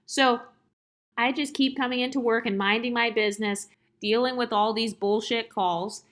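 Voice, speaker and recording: A woman's voice: fairly high pitch, fairly even intonation, normal speed, fairly bright tone. A woman telling a casual storytime, exasperated and sarcastic, firing off rhetorical questions with salty, profane language. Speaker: storytime vlogger.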